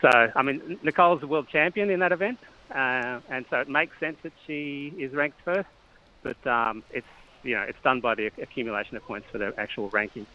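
A man's voice: medium pitch, fairly quick, lo-fi sound. A middle-aged Australian man, a cycling coach guest, talking casually with lots of fillers and restarts. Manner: hesitant, many fillers and restarts, chuckles often. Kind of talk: casual interview chat.

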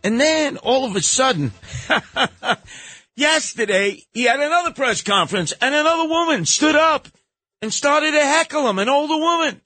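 A man's voice: extremely high pitch, animated, normal speed, sharp tone, no echo. A man hosting a radio talk show, delivering an opinionated, sarcastic and combative monologue.

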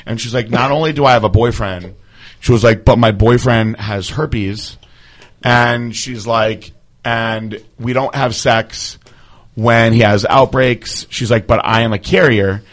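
A man's voice: mid-range voice, steady tone, measured pace. Profane rambling man telling a story. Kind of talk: casual storytelling.

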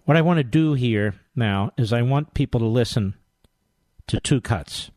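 A man's voice: mid-range voice, lively intonation, darkish tone, dry recording, clean studio sound. A man hosting a talk radio show, scornful, indignant and combative in his commentary. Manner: indignant, scornful, rapid-fire.

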